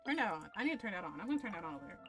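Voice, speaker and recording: A woman's voice: medium pitch, very animated, racing, faint music behind. A woman streaming a game, chatting casually with crude, playful jokes and talking to herself. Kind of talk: casual gaming commentary.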